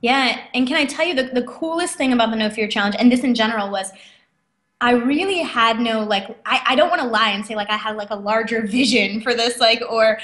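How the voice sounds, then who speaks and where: Animated woman, echoey room. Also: a little high. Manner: animated, quick, many fillers and acted quotes. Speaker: guest, author and speaker. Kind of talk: casual interview storytelling.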